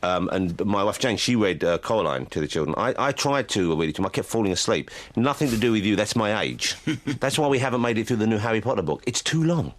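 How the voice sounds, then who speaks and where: A man's voice: fairly low pitch, expressive, fast talker, few pauses. A man hosting a radio interview, chatty and teasing, joking with his guest in a studio. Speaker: radio host.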